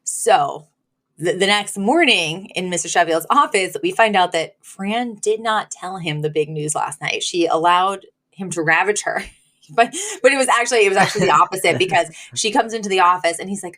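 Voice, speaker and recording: A woman's voice: mid-range voice, normal speed, a bit bright. A woman co-hosting a podcast, recapping a sitcom episode in chatty, giggly conversation. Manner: chatty and giggly, acts out quoted lines. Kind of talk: casual chat.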